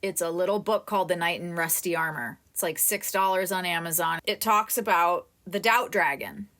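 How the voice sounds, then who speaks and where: A woman acting coach leading a live coaching session, talking straight to a student in an animated way. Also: lowish voice, moderate pace. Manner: animated, talks directly to a student.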